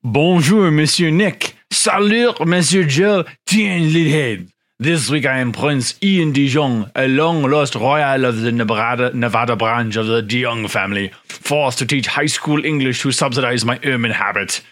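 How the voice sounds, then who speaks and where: A man's voice: mid-range voice, normal speed, few pauses, a bit bright, natural voice. A man hamming up a pompous mock-French royal. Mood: grandiose. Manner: hammy mock-French greeting, grandiose.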